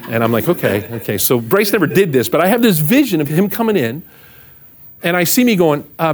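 A middle-aged man preaching as a pastor, telling a funny story about himself. His voice sits a little high for a man and swings widely as he acts out the people in the tale. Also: fairly quick. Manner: animated, self-mocking storyteller acting out voices. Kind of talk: storytelling sermon.

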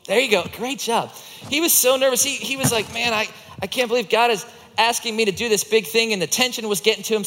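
A man's voice: high-pitched, fairly bright tone. A man teaching a children's group, acting out a Bible story with volunteers in a playful, coaching way. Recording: echoey hall.

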